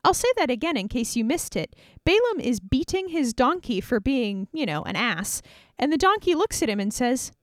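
A woman tells Bible stories in a chatty, playful way, with quick jokes along the way. Her fairly high voice moves up and down a lot. She sounds close and dry. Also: no echo. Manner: chatty, playful, wry asides. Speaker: Bible teacher. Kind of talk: casual Bible story retelling.

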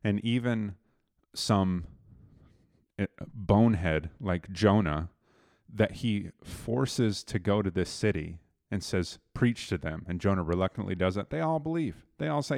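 A man's voice: lowish voice, animated, a little slow, creaky, darkish tone, no room sound, studio quality. A man casually retelling a Bible story to a co-host, loose and conversational, with fillers and restarts.

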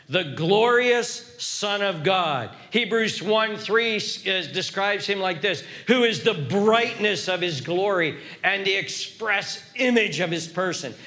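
A man preaching a sermon with dramatic, repetitive emphasis, dropping at times to a hushed whisper. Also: sits high, lively intonation, takes it slowly.

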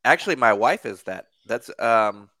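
A man's voice: mid-range voice, lively intonation, normal speed, sharp tone, no room sound. A man hosting a podcast, chatting in an easygoing, agreeable way. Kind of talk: casual conversation.

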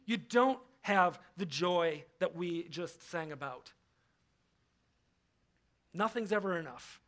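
A man's voice: fairly high pitch, lively intonation, slow, fairly bright tone. A man pastor giving a casual, conversational sermon, often acting out the voices he quotes. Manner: conversational, acts out quoted voices, frequent fillers. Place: church.

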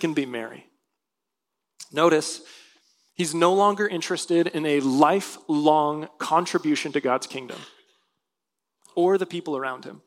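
A man's voice: on the high side, a bit bright. A male pastor preaching a sermon, reading scripture aloud and explaining it earnestly. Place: church sanctuary.

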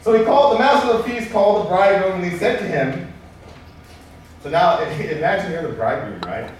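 High-pitched pastor giving a sermon, lots of echo, faint background hum. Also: male voice, a little fast. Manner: lively, joking asides to the congregation. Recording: echoey hall from far off.

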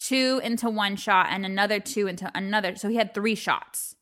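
A woman's voice: medium pitch, fairly quick, fairly bright tone. A woman co-hosting a podcast, telling a family story in casual chat, acting out quotes and laughing often. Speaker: podcast co-host.

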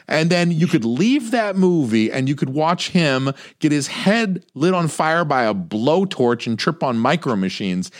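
A man's voice: fairly high pitch, unhurried, few pauses. A young man in casual film chat, swearing freely and slipping into mocking voices. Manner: animated, profane, does mocking voices.

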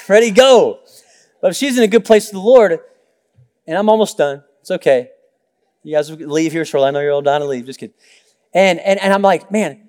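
A young adult male pastor preaching a sermon, telling stories with acted-out quotes and joking asides. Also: high-pitched. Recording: long reverb of a large hall.

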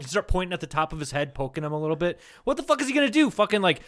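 A man's voice: on the high side, animated, racing, hardly any pauses, a bit bright. Profane joking podcast co-host man. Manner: crude, profane storytelling with frequent laughter. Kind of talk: casual comedy podcast chat.

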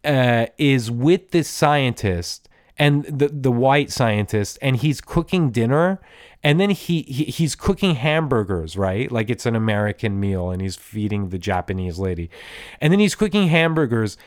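A man's voice: medium pitch, animated, a little slow, no room sound, studio quality. A man hosting a casual solo podcast, rambling through his points with frequent restarts and asides, like an enthusiastic fan. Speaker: podcast host.

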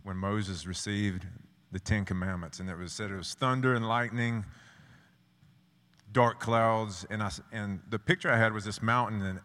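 A man from South Georgia with a Southern accent preaching a sermon, earnest and halting with many restarts. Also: fairly low pitch, a bit bright, long reverb tail.

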